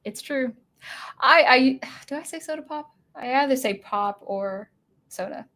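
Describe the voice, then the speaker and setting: A woman's voice: high voice, expressive, measured pace, a bit bright. A young woman from Washington state hosting a casual livestream, chatting in a rambling way with many fillers and restarts. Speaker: livestream host.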